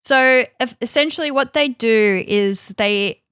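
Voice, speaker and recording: A woman's voice: on the high side, unhurried, a bit bright, smooth, no room sound, clean studio sound. A woman co-hosting a podcast, telling a story in casual chat, full of fillers and little acted-out quotes. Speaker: podcast co-host. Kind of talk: casual chat, recounting events.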